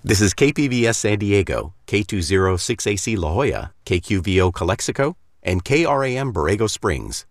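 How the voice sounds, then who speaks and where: A man reading station announcements and sponsor messages in a smooth promotional way. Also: lowish voice, very animated, a little fast. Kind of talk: scripted underwriting and station ID. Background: music.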